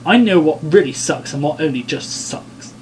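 A man hosting a podcast with a slightly higher voice, blunt and sarcastic as he banters and swears freely. There is a faint noise behind him. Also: expressive, normal speed. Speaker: podcast host. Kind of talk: casual banter.

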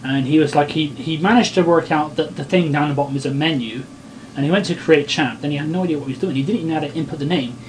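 A man hosting a podcast with a slightly higher voice, blunt and sarcastic as he banters and swears freely. There is a faint noise behind him. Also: fast talker. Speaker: podcast host. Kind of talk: casual banter.

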